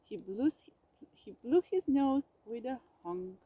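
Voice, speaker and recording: A woman reading a children's storybook aloud with gentle, expressive narration. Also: fairly high pitch, takes it slowly, dry recording, lo-fi sound.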